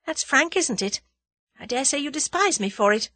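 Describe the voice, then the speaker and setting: A woman voicing a proud, frank young woman who answers in a brisk, snappish way. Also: sits high, lively intonation, sharp tone, dry recording, pitched above the performer's own voice. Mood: spirited.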